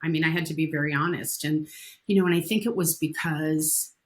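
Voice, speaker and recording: A woman's voice: sits low, steady tone, brisk. A woman talking as a podcast guest in a casual interview, telling stories bluntly and candidly and swearing casually.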